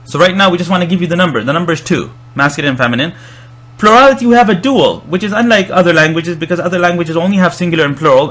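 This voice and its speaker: A man's voice: on the high side, fairly bright tone. A man explaining Arabic verb grammar in a lecture, often restarting and repeating words as he thinks. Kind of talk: recorded lecture.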